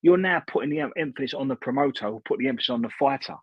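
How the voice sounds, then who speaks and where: A man's voice: medium pitch, very fast, slightly rough, no room sound. A man co-hosting a podcast, laying out his argument point by point in casual chat. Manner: earnest, lays out arguments point by point. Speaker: podcast co-host. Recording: dull, lo-fi remote mic.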